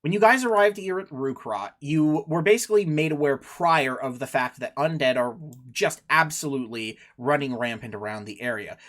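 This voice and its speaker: A man's voice: medium pitch, expressive, normal speed, a bit bright. A man running a tabletop game as game master, rambling and laughing at his own slips. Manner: rambling, self-interrupting, laughs at himself.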